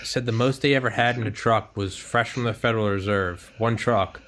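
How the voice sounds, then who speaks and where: A man's voice: lowish voice, steady tone, moderate pace, a bit bright, a little hiss or hum. A man hosting a podcast over a remote call, casual and laid-back, swearing freely and telling stories full of mimicked quotes. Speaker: podcast host. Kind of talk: casual chat.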